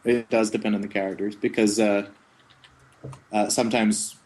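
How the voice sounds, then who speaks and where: A middle-aged man, a voice actor, chatting casually in an interview, telling rambling stories with chuckles. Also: lowish voice. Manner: slips into quick character voices mid-sentence; relaxed, rambling storytelling with chuckles. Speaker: voice actor guest.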